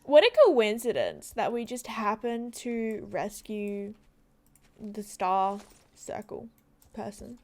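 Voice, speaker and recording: A young woman hosting a let's play, commenting excitably with gasps and exclamations. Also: mid-range voice, slow. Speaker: gaming channel host.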